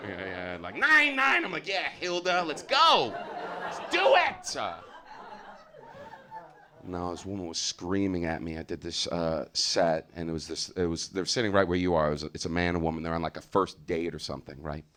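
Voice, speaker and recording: A man with an American accent doing live stand-up, loud and profane, with a lot of filler uhs. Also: low-pitched, level tone, fairly quick. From United States. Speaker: stand-up comedian. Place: comedy theater stage.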